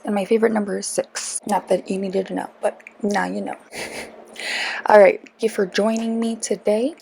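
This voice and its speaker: A young woman chats her way through a tarot reading, rambling and poking fun at herself as she goes. Her voice has a gravelly, creaky edge. A faint hiss sits under the recording. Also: medium pitch, a little mellow, rough recording. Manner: rambling, self-deprecating, chatty asides. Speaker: tarot reader, channel host. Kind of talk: casual chatty tarot vlog.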